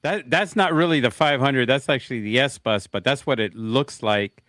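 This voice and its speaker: A man hosting a casual interview, asking eager, quick questions. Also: mid-range voice, fairly bright tone, no room sound, clean studio sound. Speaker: interview host.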